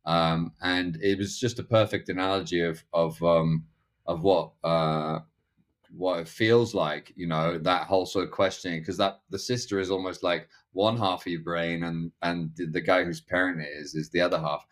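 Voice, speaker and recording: A middle-aged man with a deep, steady voice speaks at normal speed as a guest on a podcast. In this casual interview he rambles, restarts often, uses many fillers, and acts out other people's lines in quoted voices.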